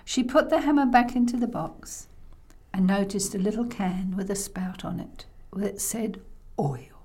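Speaking at an unhurried pace in a warm tone of medium pitch, a woman performs a children's story from the oral tradition. It's playful, with sound effects she makes herself and invitations for listeners to join in.

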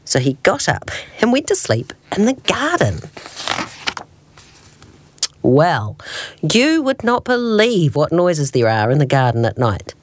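A woman radio presenter reading a children's bedtime story aloud, expressive and slow, adding playful sound effects. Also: low-pitched.

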